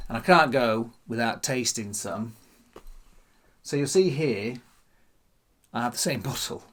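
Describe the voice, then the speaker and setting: A man's voice: medium pitch, takes it slowly, pauses often, a bit bright, a little hiss or hum. A man hosting his own whisky channel, chatting casually to camera and musing aloud as he tastes. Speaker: whisky vlogger. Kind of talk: casual tasting chat to camera.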